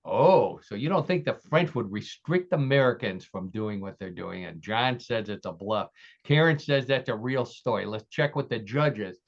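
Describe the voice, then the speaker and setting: A man's voice: lowish voice, moderate pace, creaky. A man hosting a casual podcast, reading quiz stories in a chatty way with frequent restarts. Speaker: podcast host. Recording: dull lo-fi audio.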